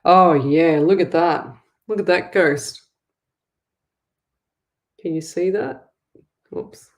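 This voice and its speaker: A woman from Australia hosting a live psychic show, reading viewer comments aloud and exclaiming excitedly, with frequent laughs and affectionate asides. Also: on the low side, takes it slowly.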